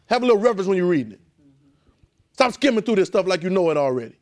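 A man teaching a Bible class in a call-and-response sermon style, emphatic and repetitive, often dropping to a low, quiet voice. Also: sing-song, quick pace.

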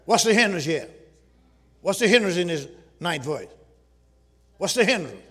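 A man preaching a sermon to his congregation, using call-and-response and shouting at the peaks. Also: high-pitched, big pitch swings, moderate pace, breathy edge. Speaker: pastor. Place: church sanctuary with congregation.

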